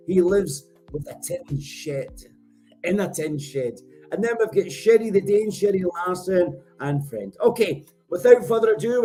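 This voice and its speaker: A Scottish man hosts a live show through a headset mic. His voice is mellow and soft, a touch higher than most men's. He talks in a chatty, joking way and rambles as he corrects himself. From Scotland. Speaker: host. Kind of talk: live show hosting, casual chat.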